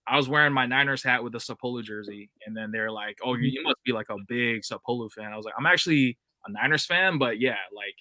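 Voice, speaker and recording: Bright-toned man from California, rambling casual storyteller. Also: medium pitch, fast, few pauses, no echo. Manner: rambling storytelling with many fillers. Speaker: podcast co-host. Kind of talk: casual chat.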